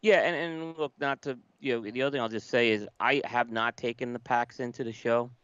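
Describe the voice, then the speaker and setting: A man's voice: mid-range voice, fairly even intonation, brisk, a bit bright, clean tone, no room sound. A man co-hosting a podcast, speaking casually and emphatically. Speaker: podcast co-host. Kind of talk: casual chat. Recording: dull lo-fi sound.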